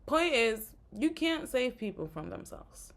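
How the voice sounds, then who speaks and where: A fairly high, bright-toned woman's voice, very animated yet at a measured pace. This vlogger is tired and exhausted as she rambles through a frustrated, casual rant to camera, using many fillers.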